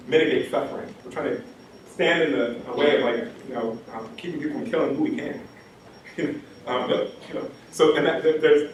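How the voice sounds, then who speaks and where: An impassioned male education scholar gives a lecture in a mid-range voice, repeating phrases for emphasis with many ums. The sound is distant and strongly echoing, as in a large hall, with faint noise.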